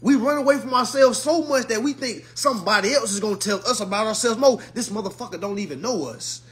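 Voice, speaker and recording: A man giving an emphatic, casual rant to camera, swearing and swinging from hushed to loud. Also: sits high, fast talker. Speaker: vlogger.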